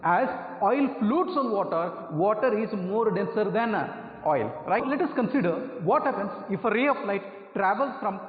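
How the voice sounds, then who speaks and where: A man's voice: high voice, expressive, normal speed, echoey room, long reverb tail, phone-quality sound. A man teaching a physics lesson, repeating points and often checking with "right?" amid frequent fillers. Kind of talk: classroom lecture.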